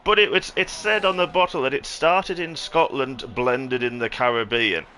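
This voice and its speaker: A man hosting and commentating a sim racing league broadcast, opening with showman-like, lively introductions. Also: mid-range voice, moderate pace, a little hiss or hum. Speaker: lead commentator and show host.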